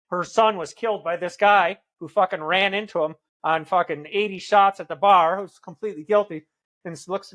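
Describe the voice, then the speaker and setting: A man's voice: sits high, a bit bright. A man talking as a podcast guest, blunt and earnest, swearing often in candid conversation. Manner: earnest, intense.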